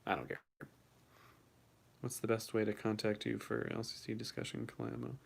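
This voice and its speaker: A man's voice: on the low side, expressive, normal speed, creaky, husky. A young man hosting his first livestream, reading chat and reacting casually, swearing now and then, his voice shaking from the cold.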